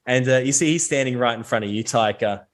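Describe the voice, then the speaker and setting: Male game master, relaxed storyteller, mid-pitched, easygoing delivery with filler words. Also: quick pace. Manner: casual, swears, many fillers and restarts. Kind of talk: narrating a tabletop game.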